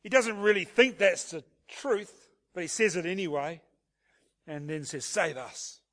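A man's voice: high-pitched, lively intonation, unhurried, fairly bright tone. A man preaching an expository sermon and asking the congregation rhetorical questions. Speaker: pastor.

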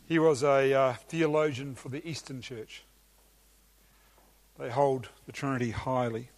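A man's voice: mid-range voice, steady tone, unhurried. A man preaching a teaching sermon with emphatic enthusiasm and some hesitations.

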